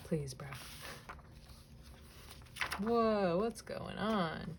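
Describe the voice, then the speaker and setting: A young woman chatting casually while cutting images from a magazine, rambling, laughing often, swearing lightly and now and then dropping to a soft whisper. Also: low-pitched, measured pace, pauses often, a little hiss or hum. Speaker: crafting vlogger. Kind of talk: casual chatty crafting vlog.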